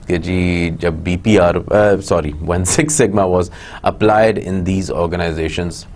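Low-voiced guy lecturing fast in pakistani english, switches between urdu and english a lot, lots of uhs. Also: a little mellow. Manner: mixes Hindi-Urdu and English, fillers like "uh". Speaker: university lecturer. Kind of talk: recorded lecture.

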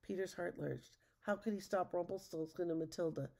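A woman narrating a children's storybook aloud, steady and expressive. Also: fairly low pitch, moderate pace, gravelly.

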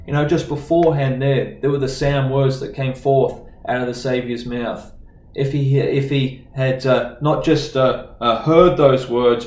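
A man with an Australian accent preaching a sermon, reading scripture aloud and explaining it with halting restarts and repeated words. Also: mid-range voice, darkish tone, roomy sound. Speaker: pastor. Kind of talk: sermon Bible study.

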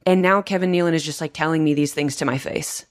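A young woman hosting a podcast, excitable and gushing, talking over a video call. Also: low voice, quick pace. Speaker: podcast host. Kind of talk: casual interview chat.

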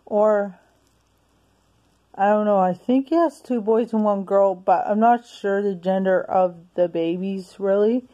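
Slow, halting woman in a lo-fi recording. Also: mid-range voice, dark tone. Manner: hesitant, halting, with many restarts. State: out of breath. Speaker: movie reviewer. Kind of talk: casual home video review.

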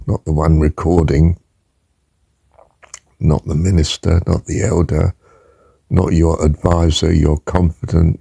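An older man speaks in a very deep, gravelly voice, unhurried and emphatic as he teaches on spiritual matters. He often sinks into a hushed, husky whisper. The sound is close and dry. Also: dry recording. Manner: emphatic, slow and deliberate, drops to a hushed whisper. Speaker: religious teacher. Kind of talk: spiritual talk.

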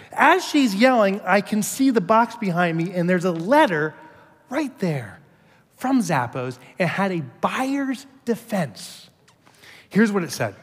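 A man with a fairly high voice delivers a keynote, spinning animated, joking stories for the crowd. His voice carries the long reverb of a large conference hall. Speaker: keynote speaker. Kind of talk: keynote speech.

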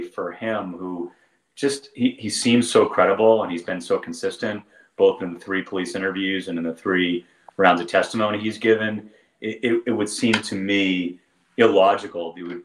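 A man giving legal commentary as a panel guest, halting and repeating words as he reasons through a point. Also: low voice, steady tone, roomy sound, low-quality recording.

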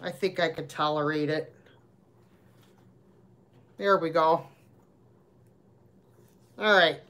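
A woman's voice: low-pitched, steady tone, slow, a bit bright. A woman hosting a live sale, talking in a chatty, rambling way with lots of fillers. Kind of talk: live-stream sales chat.

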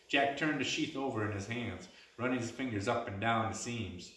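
A man reads a story aloud in a plain, unhurried way, with a few stumbles and restarts. The recording rings in a very echoey room with the mic placed well back. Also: mid-range voice, a bit bright, far from the mic. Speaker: reader.

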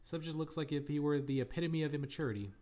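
A man's voice: on the high side, fast talker, mellow, lo-fi sound, close to an everyday voice. Smug scientist taking notes, read by a man. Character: smug male scientist, clinical and condescending.

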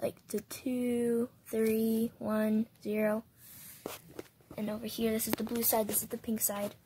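A woman hosting a toy unboxing, explaining each piece softly and step by step. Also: on the high side, monotone, slight background noise. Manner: soft, unhurried, explaining step by step. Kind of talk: toy unboxing and doll play narration.

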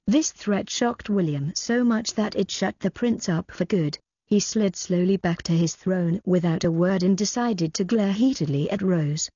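A woman narrating an audiobook in an even, flat reading that even reads out edit notes. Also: medium pitch, measured pace, few pauses, husky, no room sound. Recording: dull lo-fi audio.

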